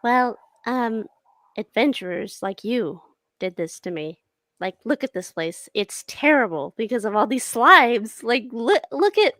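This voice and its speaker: A woman's voice: on the high side, lively intonation, unhurried, fairly bright tone, no room sound. A woman voicing a female goblin leader who rants indignantly, then turns apologetic. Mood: complaining. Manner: ranting, exasperated, then apologetic.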